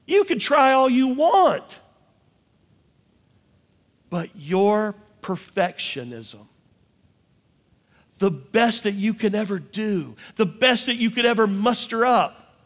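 A man preaching a sermon to a congregation, emphatic and full of rhetorical questions, drawing out key lines slowly. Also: high voice, big pitch swings. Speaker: pastor. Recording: long hall reverb.

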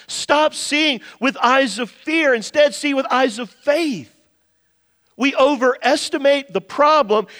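A man's voice: high-pitched, a bit bright. A man preaching a sermon as a pastor, building to emphatic, impassioned points. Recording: long hall reverb.

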